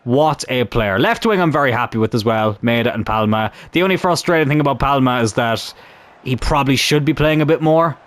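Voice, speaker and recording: A young man commentating on his own football video game in a chatty, animated way, swearing mildly as he plays. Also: medium pitch, a little fast. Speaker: gaming YouTuber.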